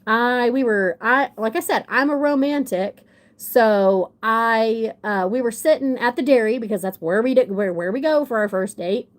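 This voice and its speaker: A woman's voice: a little high, normal speed. A young adult woman telling a rambling, self-deprecating story in casual chat on a livestream, with a runny nose. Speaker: livestream guest.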